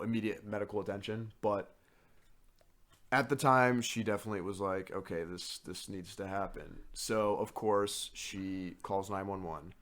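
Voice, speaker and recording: A man co-hosting a podcast, telling a story in a casual, animated and profane way. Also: on the low side. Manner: animated, profane, quick to act out others. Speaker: podcast co-host.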